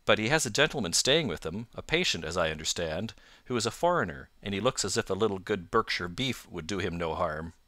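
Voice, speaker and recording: A man's voice: sits low, lively intonation, brisk, pushed and bright, no echo. A man voicing a cheerful, polite country station master in an audiobook, chatty and deferential. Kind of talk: audiobook narration.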